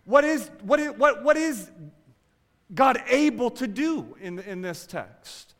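High-voiced man preaching in a reverberant hall. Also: very animated, slow. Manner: dramatic swings from loud exclamations to quiet asides. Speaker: pastor. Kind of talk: sermon.

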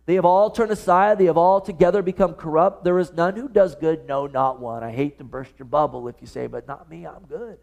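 A man with a fairly high voice preaches a sermon at a church service. He speaks earnestly and keeps putting direct questions to his congregation. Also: brisk, creaky, hardly any pauses, darkish tone. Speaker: pastor.

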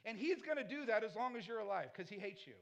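A man's voice: high voice, lively intonation, fast talker, highs cut off. A man pastor delivering a sermon, emphatic and repetitive, throwing rhetorical questions at the congregation between casual, conversational asides.

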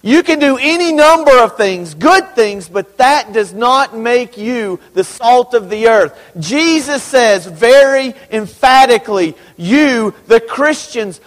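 High-voiced pastor preaching in a reverberant hall. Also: male voice. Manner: emphatic, conversational preaching with asides and humor. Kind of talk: sermon. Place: church sanctuary.

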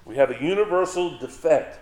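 A male pastor preaching a sermon in a conversational way, now and then slowing down to stress key words emphatically. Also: on the high side, expressive, a little mellow, roomy sound.

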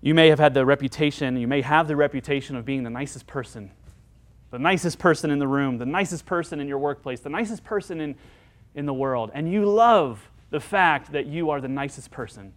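A man preaching a sermon as pastor, earnest and dynamic, moving between emphatic lines and hushed ones. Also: fairly high pitch, moderate pace.

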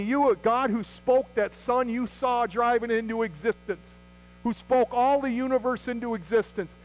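A man's voice: very high voice, moderate pace, low-quality recording. A man preaching an Easter sermon as pastor, earnest, with rhetorical questions and acted-out quotes.

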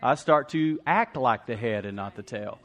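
A man's voice: mid-range voice, animated, normal speed, fairly bright tone. A man preaching a sermon, emphatically repeating declarations and calling for responses from the congregation. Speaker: pastor.

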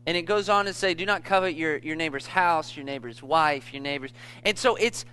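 Bright, high-voiced man preaching casually. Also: a little fast, smooth. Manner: conversational and humorous, many asides and restarts. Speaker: pastor. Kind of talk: sermon. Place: church.

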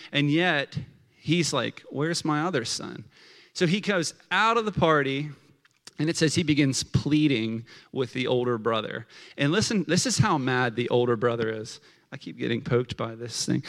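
Laid-back male preacher giving a relaxed, talky sermon. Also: medium pitch. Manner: conversational, many fillers of like, acts out quotes. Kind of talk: casual sermon.

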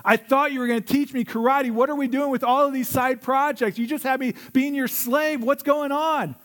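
A man's voice: high voice, fast talker, close to an everyday voice. A man voicing a frustrated teenage boy student who complains in an exasperated, whiny way.

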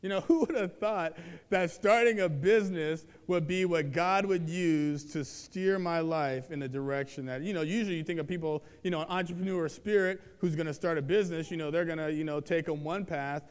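A man's voice: brisk, smooth. Preaching man in a reverberant hall. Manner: swings from loud emphatic proclamation to low quiet confession. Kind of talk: sermon.

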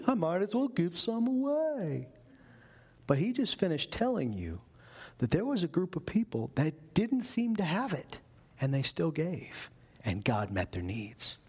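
A man's voice: on the high side, slightly rough. A man pastor preaching a sermon in an emphatic, conversational way.

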